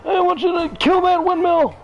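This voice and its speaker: A man voicing a rambling, cranky old village elder in a video game, talking in a slow, halting way. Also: very high voice, steady tone, muffled recording, soft background music, pitched above the performer's own voice. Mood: grumbling. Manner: slow, halting, grumpy old-timer talk.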